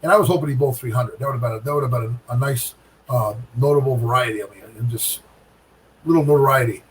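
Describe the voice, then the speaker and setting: A middle-aged man telling a bowling story in casual chat, animated, with sound effects and repeated phrases. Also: mid-range voice, quick pace, distant mic, slight background noise, low-quality recording. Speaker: guest pro bowler.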